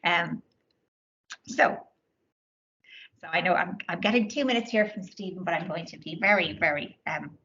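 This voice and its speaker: A woman's voice: fairly low pitch, moderate pace, pauses often, sharp tone, dull audio. A woman giving a lecture and taking questions, talking with many fillers and restarts. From Ireland. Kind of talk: academic talk with audience questions. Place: lecture room.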